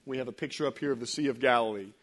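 A middle-aged pastor preaches an emotional, story-driven sermon at a rapid-fire pace, his voice medium in pitch. At tender moments he drops to quiet, almost whispered lines.

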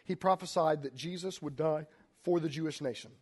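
A man preaching a sermon, reading scripture aloud and explaining it, swinging between hushed and loud delivery. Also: fairly high pitch, a little fast, slightly rough.

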